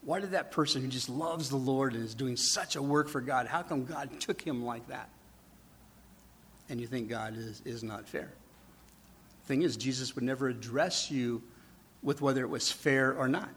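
A man preaching a sermon in a conversational way, asking the congregation rhetorical questions and dropping to a hush for emphasis. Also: mid-range voice, normal speed, a little hiss or hum. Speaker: pastor.

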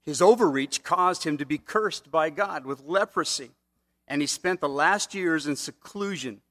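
A man's voice: a little high, unhurried, a bit bright. A man preaching a sermon in a conversational way, often checking in with "okay?" asides. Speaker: pastor.

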